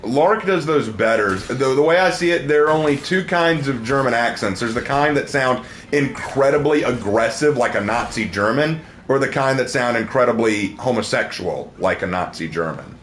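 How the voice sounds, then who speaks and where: A man's voice: medium pitch, expressive, moderate pace, hardly any pauses, a bit bright, a little hiss or hum. A man chatting casually on a gaming livestream, loose and jokey as he reacts to viewers.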